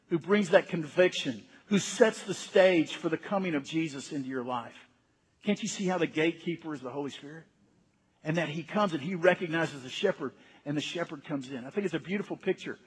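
High, husky-voiced man preaching. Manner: emphatic, repeats words while building a point. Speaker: senior pastor. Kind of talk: sermon. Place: church sanctuary. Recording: reverberant church hall.

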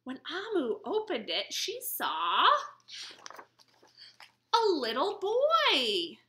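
An American woman librarian in her young adult years reading a story at baby storytime, sing-song and animated. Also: high voice, very slow, slight background noise. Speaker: children's librarian. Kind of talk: baby storytime read-aloud.

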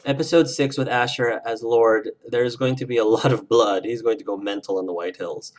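A man's voice: mid-range voice, fairly even intonation, moderate pace. Effusive man chatting on a game livestream. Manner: effusive and emotional, gushing about the game. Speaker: let's play streamer. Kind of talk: casual livestream chat with viewers.

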